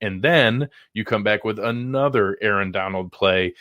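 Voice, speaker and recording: A man's voice: on the low side, moderate pace, no echo, muffled recording. A man co-hosting a post-game sports talk show, breaking down plays in emphatic detail. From Buffalo area. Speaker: podcast co-host.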